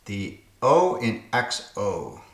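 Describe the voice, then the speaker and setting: A puzzle game channel host speaks in a low-leaning voice, very animated yet very slow, in an echoey room. Solving word games on his own, he thinks aloud and mutters to himself casually.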